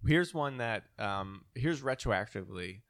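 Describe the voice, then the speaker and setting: Animated, excitable man with a lively voice. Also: mid-range voice, a little fast, dry recording, clean studio sound. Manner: animated, excitable, loud, laughs often. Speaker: podcast co-host. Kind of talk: casual chat. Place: home during quarantine.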